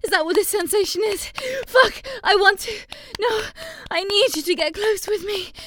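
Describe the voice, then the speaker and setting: A woman's voice: sits high, fairly even intonation, slow pace, darkish tone, a little hiss or hum. Woman voicing a breathless possessive non-human lover. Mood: passionate, pleading. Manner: breathless, pleading. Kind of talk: adult audio role-play.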